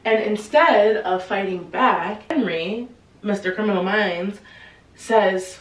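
A woman giving a casual, slangy recap of a novel, acting out the characters' lines in quick bursts. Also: mid-range voice, distant mic. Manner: chatty, slangy, acts out quotes in quick bursts. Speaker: book explainer. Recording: roomy echo, a bit off-mic.

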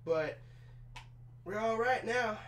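A young man in his twenties, hot and sweaty, chats loosely with his viewers and swears now and then while he puts together a chair. His voice sits high for a man. The small room rings with echo, and a faint hum runs underneath. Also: slow pace, fairly bright tone. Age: 20s. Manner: chatty, talks to chat while assembling a chair, swears casually. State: sweaty and overheated from work. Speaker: streamer. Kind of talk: casual live-stream chat.

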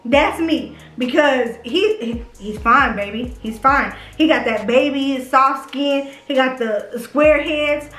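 A young woman from Houston, Texas, vlogs in a high, sharp voice, gushing and swearing as she teases her viewers about who she'd date in a casual smash-or-pass chat. The room echoes, with faint music in the background.

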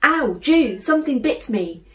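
A woman voicing an indignant, excitable young boy in a storybook reading. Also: medium pitch, brisk, recorded from a distance, natural voice. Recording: roomy room echo.

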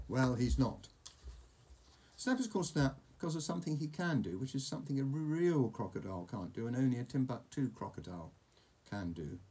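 A man's voice: mid-range voice, expressive, normal speed, dark tone, a little hiss or hum. A man reading a picture book aloud to a child, with playful, chatty asides.

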